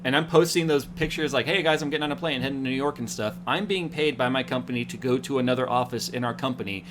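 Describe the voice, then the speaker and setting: A man hosts a casual tech talk show, swinging into playful voices as he acts out what people said. His speech has a middle pitch and faint background noise behind it. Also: fast. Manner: animated storyteller acting out quotes. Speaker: host. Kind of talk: casual chat.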